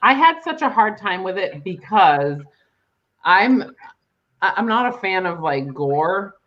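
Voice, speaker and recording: A woman co-hosting a podcast, chatting casually, agreeable and expressive. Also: mid-range voice, takes it slowly. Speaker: podcast co-host. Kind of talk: casual chat. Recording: dull lo-fi sound.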